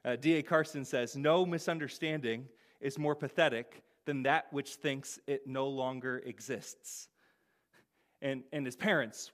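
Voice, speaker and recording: A man preaching a sermon in a conversational way, often asking "right?", laughing softly and repeating words as he restarts. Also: a little high. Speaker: pastor.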